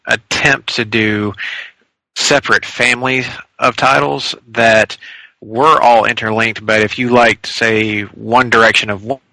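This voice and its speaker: Male podcast guest, low gravelly voice, rambling casual talk. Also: fairly even intonation, a little slow, sharp tone, no room sound, poor audio. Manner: rambling, thinking aloud with fillers.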